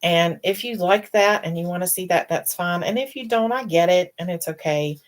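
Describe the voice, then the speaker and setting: A woman's voice: fairly low pitch, normal speed. A middle-aged woman hosting a casual live stream, talking in a rambling, emotional way and fighting back tears. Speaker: host.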